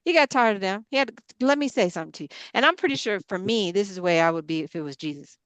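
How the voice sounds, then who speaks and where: A woman's voice: medium pitch, expressive, fast, a bit bright, clear, resonant tone, no room sound. A woman who leads a ministry and coaches women, giving a preaching-style motivational talk. She speaks emphatically and builds her points in punchy, repeated parallel lines. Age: adult mother of grown girls.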